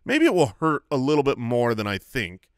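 A man's voice: mid-range voice, big pitch swings, fairly quick, clean tone, no echo, studio quality. A man co-hosting a comedy podcast, ranting in casual banter with an opinionated, mock-outraged manner. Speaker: podcast co-host.

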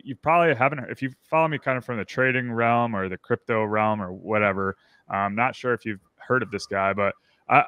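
A man's voice: medium pitch, sharp tone, clear, resonant tone, no room sound. A man hosting a podcast interview, upbeat and rambling, full of fillers and restarts. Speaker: podcast host. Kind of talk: casual interview chat.

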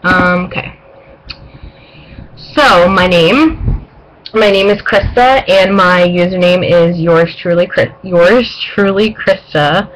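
A woman's voice: fairly low pitch, slow, low-quality recording. A young woman from the eastern United States, tired late at night, chatting casually in a vlog and reading a word list, with lots of ums. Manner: chatty with frequent um fillers. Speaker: vlogger.

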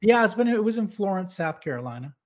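A man's voice: high-pitched, very animated, quick pace. A middle-aged man from New England, a podcast guest, talking earnestly about his career in casual chat with many restarts. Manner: earnest, storytelling, frequent restarts. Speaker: podcast guest, former submarine officer. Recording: lo-fi dull audio.

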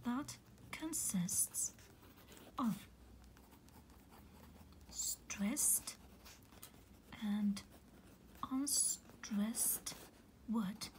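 A woman teaching a literature lesson in a soft, half-whispered voice, patiently explaining and filling pauses with "okay". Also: medium pitch, low-quality recording. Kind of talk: recorded lecture on poetic meter.

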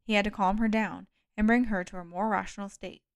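A woman reading a thriller audiobook aloud in a measured, calm storytelling manner. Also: medium pitch. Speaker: audiobook reader. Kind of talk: scripted narration.

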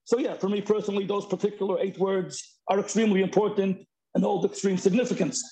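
A middle-aged man on a video call, speaking in a casual, halting way with many restarts and Yiddish and Hebrew terms mixed in. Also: sits high, little pitch movement, dark tone, rough recording. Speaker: Zoom discussion participant. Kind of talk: casual chat.

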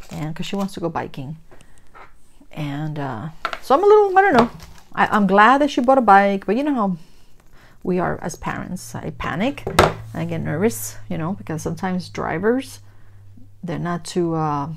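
A woman's voice: lowish voice, gravelly, a little hiss or hum. A middle-aged woman chatting casually while she crafts, telling stories and acting out the dialogue with big reactions. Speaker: craft vlogger.

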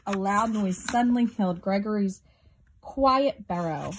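A woman reading a children's picture book aloud, clear and expressive. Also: medium pitch, normal speed, a little hiss or hum. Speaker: storybook reader.

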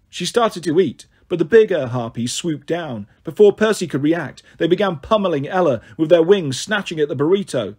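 A man narrating an audiobook in a steady reading voice, now and then stumbling on a word. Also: a little high, moderate pace, few pauses, breathy edge. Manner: steady, occasionally stumbles on words.

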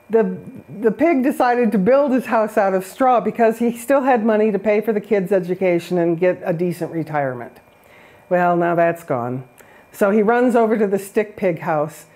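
A woman's voice: mid-range voice, a little mellow. A woman on a spiritual talk show who tells a fairy-tale parable in a chatty, self-deprecating way and laughs often. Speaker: guest.

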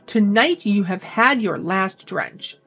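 A woman's voice: mid-range voice, lively intonation, slow, creaky, fairly bright tone, slightly rough, lo-fi sound, exaggerated voice. Woman playing a courteous, firm young master.

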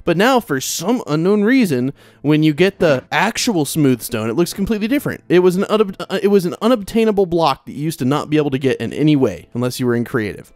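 A young man hosts a Minecraft let's play, chatting casually and rambling as he speaks straight to viewers. His voice is a little high with lively intonation, a quick pace, and a darkish tone, captured in a dry recording.

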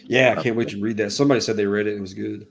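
A man's voice: lowish voice, steady tone, very fast, vocal fry. A man hosting a casual comics livestream who chats in an easygoing way and greets his viewers. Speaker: livestream host. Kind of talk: casual chat.

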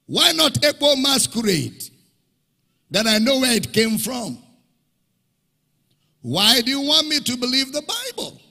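Man, high lively preaching voice, bright and a bit husky, reverberant hall, faint music. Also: a little slow, long pauses. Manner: emphatic, repetitive rhetorical questions, sing-song preaching cadence. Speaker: pastor. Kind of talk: sermon.

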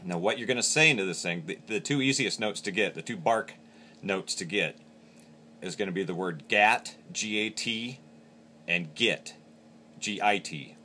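A man's voice: lowish voice, moderate pace, sharp tone, a little hiss or hum. A man teaching how to use a game call, explaining each step plainly. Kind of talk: hands-on instructional demo.

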